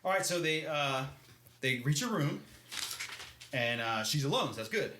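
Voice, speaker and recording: A man's voice: on the high side, expressive, normal speed, sharp tone, slight background noise. A man co-hosting a podcast, recapping a book in loose, rambling casual chat, swearing and laughing often. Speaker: podcast co-host. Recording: echoey room.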